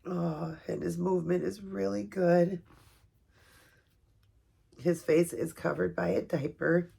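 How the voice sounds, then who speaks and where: A woman at home filming an unboxing video for her vlog, talking softly and gushing with emotion. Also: fairly low pitch, fairly even intonation, takes it slowly, creaky, slightly rough. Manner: gushing, soft-spoken, emotional. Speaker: vlogger. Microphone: camera set up nearby.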